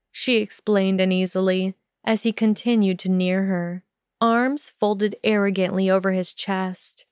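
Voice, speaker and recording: A woman narrating a fan audiobook in a measured, even storytelling manner on a close mic. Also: medium pitch, clear, resonant tone, no room sound. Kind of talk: scripted narration.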